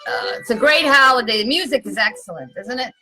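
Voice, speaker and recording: A woman's voice: fairly high pitch, fast talker, rough recording. A woman hosting a casual holiday chat, joking and laughing as she talks, with music playing behind her. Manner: giggly, animated, keeps breaking into laughter. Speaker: host.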